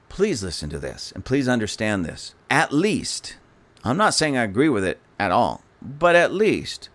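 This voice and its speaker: A man giving an indignant, sarcastic political commentary rant, speaking scornfully to his audience. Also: mid-range voice.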